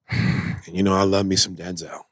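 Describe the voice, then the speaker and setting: A man co-hosting a podcast in casual chat, animated, swinging from loud outbursts to low mutters. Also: no room sound, studio quality. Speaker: podcast co-host.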